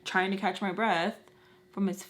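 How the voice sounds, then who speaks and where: A woman's voice: medium pitch, steady tone, moderate pace, fairly bright tone. A woman vlogger telling a personal story in a casual, emotional way, using "like" often. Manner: casual, fillers with frequent "like"; intense, emotional retelling. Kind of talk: storytime vlog.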